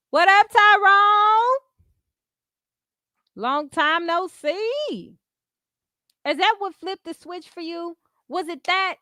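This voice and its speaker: In a clean studio recording with no echo, a female livestream host speaks in a high, fairly bright voice. She delivers heated casual commentary, cursing and picking fights as she responds to her chat informally.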